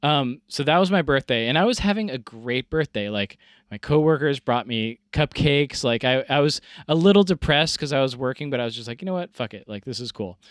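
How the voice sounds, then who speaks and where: A man's voice: medium pitch, animated, brisk, no echo. Casting: man, forties, rambling casual storyteller, dry close sound. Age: 40s. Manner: rambling, self-deprecating, many fillers.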